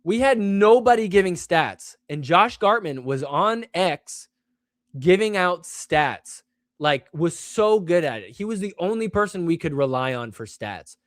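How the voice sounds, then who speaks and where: A man's voice: high-pitched, unhurried, no echo. Self-mocking male host, dry sound. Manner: animated, self-mocking, heavy use of "like". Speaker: show host. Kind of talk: casual solo storytelling.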